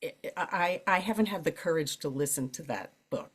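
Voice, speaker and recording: An older woman who narrates audiobooks, telling her stories in a relaxed conversational way, laughing often and jumping high in pitch for emphasis. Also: moderate pace, slightly rough. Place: library event, interview setting.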